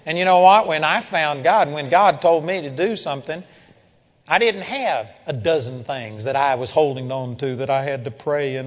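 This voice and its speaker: A man's voice: fairly high pitch, normal speed. A man preaching a sermon, telling a story and then pressing his point with rising emphasis. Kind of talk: sermon with told anecdotes. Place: seminar hall with live audience. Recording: long reverb of a seminar hall.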